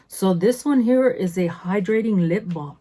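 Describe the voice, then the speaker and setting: A woman's voice: mid-range voice, measured pace, dark tone, a little hiss or hum. A woman in her fifties chatting casually as a beauty vlogger through an unboxing, sassy and full of self-interrupting asides. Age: 50s.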